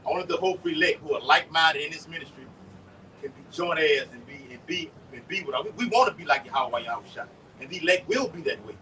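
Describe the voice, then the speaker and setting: Male street preacher, high voice, lively swooping pitch, repeats himself. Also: fast. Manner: animated, repeats words, calls for scriptures. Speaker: street preacher leading the teaching. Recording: distant mic with faint street noise.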